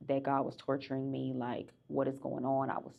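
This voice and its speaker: Low gravelly woman, candid podcast monologue. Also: monotone, normal speed, dull audio. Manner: candid, conversational, quotes her own inner dialogue. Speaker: podcast host. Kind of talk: reflective personal monologue.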